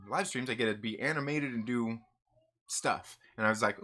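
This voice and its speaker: A man hosting a comics live stream in a loose, animated way, often repeating himself. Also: fairly low pitch, fast. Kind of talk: casual live stream chat.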